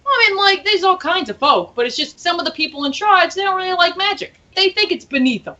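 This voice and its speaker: Woman playing a burly tavern barkeep, casual and folksy, high lively voice, bright, dull audio. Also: brisk, heavily acted. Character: gruff burly male barkeep.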